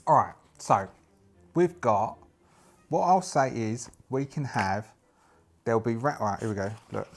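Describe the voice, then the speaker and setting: A man's voice: medium pitch, expressive, measured pace, faint music behind. A man, narrating a solo tabletop game and thinking aloud as he works through his dice rolls.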